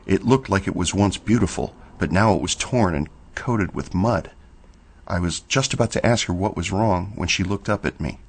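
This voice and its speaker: A man reading a horror story aloud in a slow, measured storytelling manner. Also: low-pitched, breathy edge. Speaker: narrator. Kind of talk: scripted horror narration.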